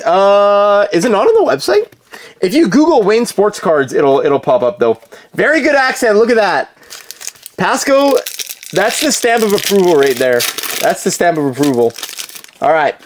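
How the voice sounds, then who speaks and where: A man's voice: sits high, very animated, moderate pace. A man hosting a live card-break stream, chatting casually with viewers, with lots of fillers, and calling out cards as he opens packs. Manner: chatty, filler-heavy, calls out cards while talking to viewers.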